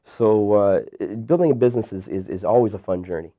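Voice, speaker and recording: A Canadian man in his thirties, a guest entrepreneur telling his story in a relaxed, rambling interview style. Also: on the low side, a little fast. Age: 30s. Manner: relaxed, rambling with many fillers and restarts.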